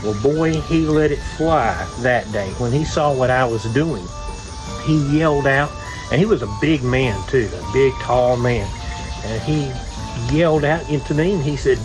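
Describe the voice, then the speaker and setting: A man with a middle-pitched voice spins a slow, folksy story outdoors beside a fire at night. He pauses often with "uh" as he talks. Crickets chirp and music plays behind him. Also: rough recording. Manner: unhurried, folksy, lots of "uh" pauses. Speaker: video blogger. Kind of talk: relaxed storytelling by a campfire.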